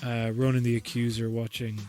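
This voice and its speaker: Brief: guy, mid-pitched, loose, sweary comedic podcast rambler. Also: little pitch movement, a little fast, darkish tone, faint music behind. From Ireland. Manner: profane, rambling, joking, laughs often. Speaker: podcast host.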